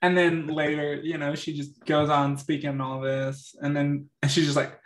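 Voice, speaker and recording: A man's voice: on the high side, little pitch movement, a little slow. A man co-hosting a casual movie review chat, easygoing and laughing between remarks. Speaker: podcast co-host. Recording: echoey room.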